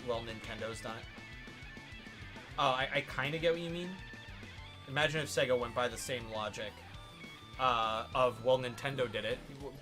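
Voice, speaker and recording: A man co-hosting a casual gaming chat show, rambling with lots of fillers. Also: mid-range voice. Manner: rambling with many fillers and restarts. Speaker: podcast co-host. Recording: music playing behind.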